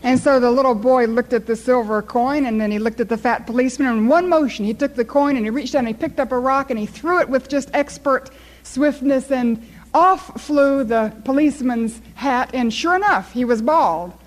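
Woman preacher, high voice, lively sermon storyteller. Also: moderate pace, poor audio.

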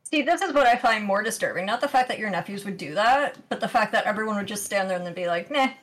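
A man co-hosting a casual podcast chat, telling a story in a measured, wry way. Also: high-pitched, expressive, fairly bright tone, rough recording. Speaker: podcast co-host.

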